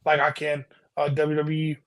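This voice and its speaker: A man's voice: on the high side, completely flat delivery, normal speed, a bit bright. A man co-hosting a casual podcast chat, explaining his views earnestly and often breaking off mid-sentence. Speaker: podcast co-host.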